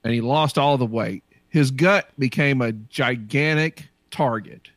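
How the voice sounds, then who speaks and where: A man's voice: mid-range voice, measured pace, a bit bright, dry recording. A man, a guest ring announcer, giving confident opinions in casual chat.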